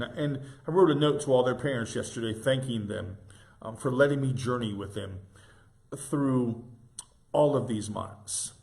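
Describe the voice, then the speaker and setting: A man in his sixties, a pastor, giving an informal devotional reflection in a tender, halting way with gentle restarts. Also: medium pitch.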